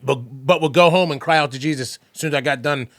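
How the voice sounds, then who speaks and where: A man speaking in a fairly high voice, recorded close and dry with no room sound. He tells his story in a lively, emphatic way, slipping into quoted voices and repeating lines for effect. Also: quick pace, no echo. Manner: acts out both sides of conversations in quoted voices. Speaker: podcast guest, percussionist and motivational entertainer. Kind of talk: animated storytelling conversation.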